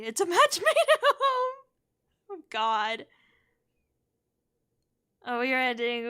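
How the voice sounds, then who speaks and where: A woman's voice: fairly high pitch, fairly bright tone, smooth. A woman streaming a game live, chatting and giggling as she reacts to chat.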